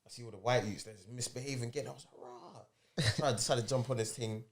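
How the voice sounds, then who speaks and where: Young dude, mid voice, telling a story all animated. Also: male voice, medium pitch, rapid-fire. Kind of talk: casual podcast chat.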